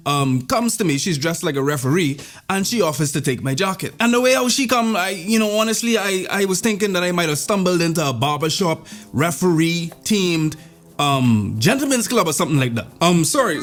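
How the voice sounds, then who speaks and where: A man spins a comic story in a fairly high voice, rambling and animated. He keeps breaking off into playful asides, with faint music underneath. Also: a little fast. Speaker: vlogger. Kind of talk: comedic storytelling.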